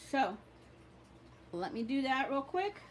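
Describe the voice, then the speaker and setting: A woman's voice: high voice, very animated, slow, a little hiss or hum. A woman teaching a ritual, speaking blunt, profane commands, then giving casual step-by-step instructions. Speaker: spiritual practitioner teaching a ritual.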